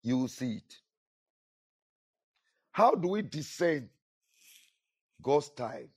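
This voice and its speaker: Slow, emphatic male preacher. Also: fairly high pitch, breathy edge. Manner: emphatic, repeats phrases, rising and falling delivery. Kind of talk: sermon. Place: church.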